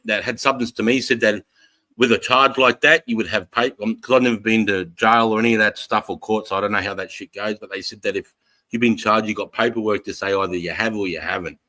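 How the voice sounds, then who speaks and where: A man's voice: on the low side, sharp tone, rough recording. A man casually hosting a livestream, telling stories bluntly with plenty of swearing. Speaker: livestream host.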